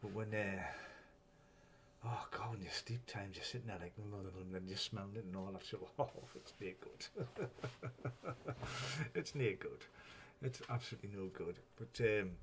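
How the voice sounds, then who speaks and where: A man chats loosely on his own live stream in a lowish voice. He rambles, swears without a second thought and chuckles often while greeting viewers. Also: moderate pace, slight background noise. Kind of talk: casual live-stream chat.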